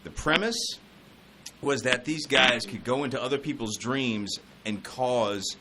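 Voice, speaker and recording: A man's voice: mid-range voice, a little slow, noisy background. A man co-hosting a radio show, telling a rambling story in casual studio banter. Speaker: radio co-host.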